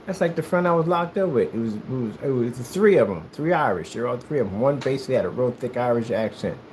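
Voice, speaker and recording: A man from the United States chatting casually while he plays, telling rambling, animated stories in a hyperactive way. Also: mid-range voice, fast talker, slight background noise. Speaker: gaming streamer. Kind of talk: casual chat while playing.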